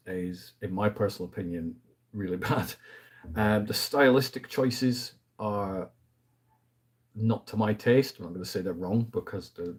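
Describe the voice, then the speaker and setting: Chatty man with a mellow, husky voice. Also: lowish voice. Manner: chatty and rambling, with frequent asides and fillers; laughs lightly mid-sentence. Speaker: movie review host. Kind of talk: casual movie review chat.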